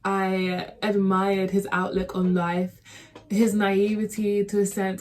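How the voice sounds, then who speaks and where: A woman's voice: medium pitch, a little mellow. A young woman hosting a movie reaction, chatting with emotion and a lot of filler words. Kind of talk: casual reaction commentary.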